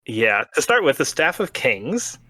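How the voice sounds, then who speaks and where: Man, bright forceful voice, casual podcast chat, animated, acts out quick lines, dry close mic. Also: medium pitch, no echo. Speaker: podcast co-host reviewing a game.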